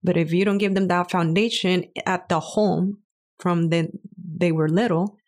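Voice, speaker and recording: Storytelling mom with a lowish voice. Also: female voice, steady tone, normal speed, a little mellow. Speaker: podcast co-host. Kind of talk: casual chat, storytelling.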